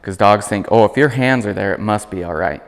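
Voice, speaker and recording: A man working as a dog trainer, calmly explaining commands while demonstrating them with his dog. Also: fairly quick, in a large hall. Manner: calm explaining, high praise voice for dog. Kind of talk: instructional demonstration.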